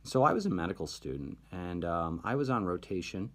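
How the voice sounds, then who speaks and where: A man's voice: low voice, big pitch swings, brisk. A man hosting his own video channel, telling a personal story in a casual, hesitant monologue full of fillers. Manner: hesitant, many fillers and restarts. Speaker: video host.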